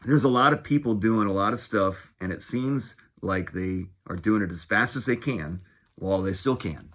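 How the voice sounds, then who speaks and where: A man's voice: lowish voice, normal speed, a bit bright. A man in his forties talking in a rambling, self-deprecating, upbeat casual monologue for his vlog. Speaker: vlogger.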